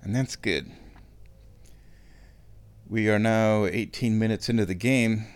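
A man at home, ranting and giving casual opinionated commentary on a football match, often clearing his throat. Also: fairly low pitch, fairly even intonation, takes it slowly. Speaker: fan watching a football match.

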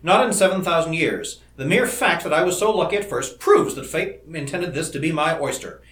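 Eager young male inventor, man reading the part, animated delivery, echoey room. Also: on the high side, voice pushed up. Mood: excited. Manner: eager, rapid enthusiasm. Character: bright, excitable young male scientist. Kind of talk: audiobook character reading. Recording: roomy echo.

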